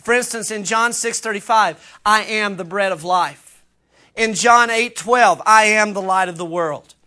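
A man's voice: sits high, unhurried, sharp tone. A man preaching a sermon as pastor, earnest and emphatic, with conversational asides to the congregation. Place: church.

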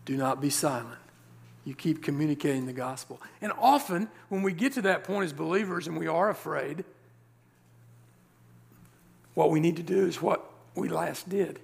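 A male pastor preaching a sermon, reading scripture verses and explaining them with rhetorical questions and slowed, stressed words. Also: a little high, creaky. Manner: emphatic, slows down to stress key words.

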